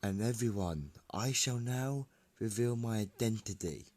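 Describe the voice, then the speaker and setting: A man's voice: lowish voice, animated, a little slow, a little mellow, no echo, pitched above the performer's own voice. A man voicing a formal, commanding AI-run armor suit in a fan story, with stilted speech.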